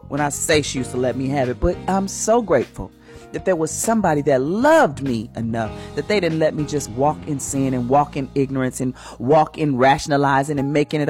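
Female morning radio host, sermon-style inspirational talk, emphatic and preachy, very expressive pitch. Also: brisk, soft background music. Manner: preachy, emphatic, acts out quoted voices.

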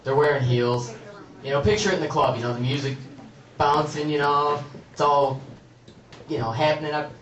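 A man doing a stand-up set on a comedy club stage, delivering complaining punchlines with animated energy. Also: on the high side, moderate pace, pauses often, highs cut off. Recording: echoey club, crowd laughing, distant mic.

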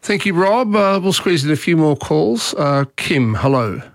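A man hosting a talkback radio show, taking calls in a relaxed, conversational way. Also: fairly high pitch, a little slow, dry recording, clean studio sound. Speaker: radio host. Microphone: studio microphone.

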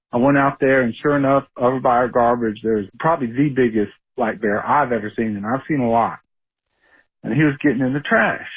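A man calling into a radio show and telling a lively story. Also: medium pitch, slightly rough. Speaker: caller. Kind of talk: phoned-in storytelling. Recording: phone line.

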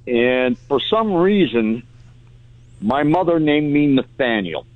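A man's voice: mid-range voice, expressive, takes it slowly, no echo, narrow, tinny audio. A man in his sixties from the Midwest, calling in to a radio show and telling stories in a chuckling, folksy way. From Midwest United States. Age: 60s. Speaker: caller. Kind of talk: casual phone-in chat.

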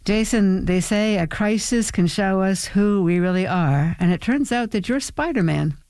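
A woman's voice: mid-range voice, moderate pace, a little mellow, no echo. Friendly woman radio interviewer.

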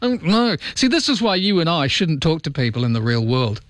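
Chatty radio host, dry close studio sound. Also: male voice, on the high side, big pitch swings, brisk, a bit bright, no room sound. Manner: chatty, self-deprecating storyteller. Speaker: radio talk show host. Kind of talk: casual call-in chat.

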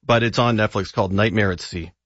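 A man's voice: lowish voice, dry recording. A man co-hosting a radio show, chatting casually about films and streaming with frequent fillers and restarts. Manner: relaxed, chatty, halting with fillers. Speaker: radio co-host, film reviewer. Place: radio studio. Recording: dull lo-fi radio broadcast.

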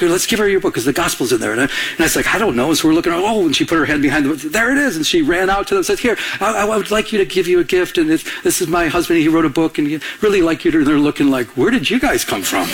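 An animated man preaching a sermon, his fairly high voice rising as he tells the story. He laughs at himself now and then as he preaches. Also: slightly rough. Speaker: pastor.

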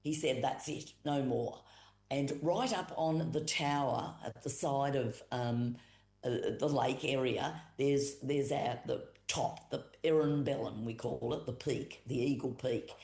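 An Australian voice, middle in pitch, tells an old creation story at an easy pace, coming back to the same phrases and leaning on the key moments. The room around the mic rings with a clear echo. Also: a little mellow. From Boandik country, South Australia. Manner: unhurried, repetitive storytelling with pauses and emphatic retellings. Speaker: Aboriginal storyteller and cultural educator. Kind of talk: oral telling of a creation story. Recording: echoey room.

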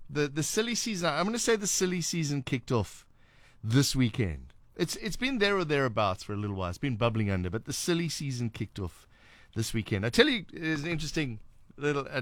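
A man's voice: a little high, fairly bright tone, dry recording. A man with a South African accent hosting a late-night radio talk show, chatting wryly and sarcastically with many restarts. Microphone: studio microphone.

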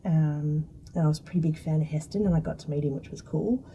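A mellow, quite dark-toned woman with a slightly husky voice. She explains things in a relaxed, chatty way, full of ums and restarts. She sounds a little distant from the microphone. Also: low-pitched, fast, highs cut off. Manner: chatty, explanatory, many fillers. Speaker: food scientist guest. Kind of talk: casual interview talk.

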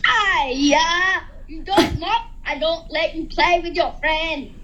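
A clip of a boy mimicking a scolding Singaporean mother with a mock Singaporean accent, high and nagging. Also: slow, bright, forceful tone, muffled recording, a little hiss or hum, exaggerated voice.

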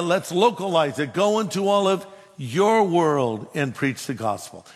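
A man preaching a sermon, telling a humorous personal story in an animated way. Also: on the high side, slightly rough, long reverb tail. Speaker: pastor.

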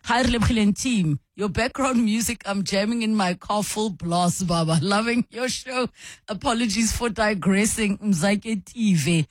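A woman hosts a call-in radio show, talking in a chatty, lively way as she reads out listener messages. Her voice is close and dry, with no room sound around it. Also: medium pitch, normal speed, no room sound.

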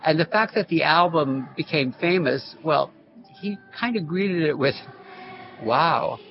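A man's voice: fairly high pitch, animated, normal speed, vocal fry. An older man, a former music teacher, telling stories in an interview and chuckling often as he talks. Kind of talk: interview storytelling. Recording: dull lo-fi recording.

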